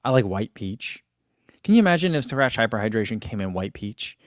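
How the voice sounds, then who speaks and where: Reading live chat on his running channel's stream, a man talks in an easygoing, rambling way with frequent fillers. His lowish voice is sing-song and brisk. The sound is clean studio audio with no echo.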